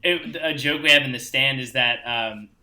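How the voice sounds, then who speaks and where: A man's voice: medium pitch, normal speed, crowd noise. A man co-hosting a book podcast, joking in casual chat and laughing into his words. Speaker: podcast co-host. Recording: noisy line.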